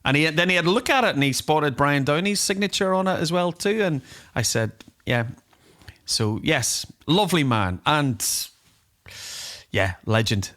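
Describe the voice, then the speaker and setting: A man's voice: on the high side, animated, moderate pace, fairly bright tone. A man co-hosting a rock podcast, telling stories in a rambling casual chat full of ums and uhs. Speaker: podcast co-host.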